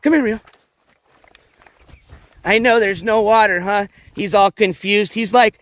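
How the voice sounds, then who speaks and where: Man, high voice, casual walk-and-talk streamer, coaxes his dogs, outdoor riverbed with dogs around. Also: measured pace, pauses often, no room sound. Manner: chatty, coaxing his dogs in a raised voice. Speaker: livestream host. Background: dogs moving about outdoors.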